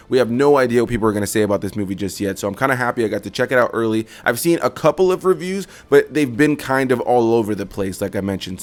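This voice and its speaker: Male film reviewer, mid-range voice, brisk delivery, earnest and candid, casual vlog talk. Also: medium pitch. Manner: earnest, candid, repeats phrases for emphasis. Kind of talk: casual spoken movie review.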